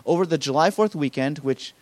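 A man preaching a sermon as pastor, acting out quotes with lively emphasis. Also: fairly high pitch, fairly quick, no room sound. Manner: animated preaching with acted-out quotes.

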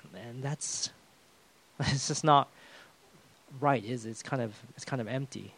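A man's voice: mid-range voice, measured pace, fairly bright tone. A man preaching a sermon as a pastor, conversational with self-deprecating humor.

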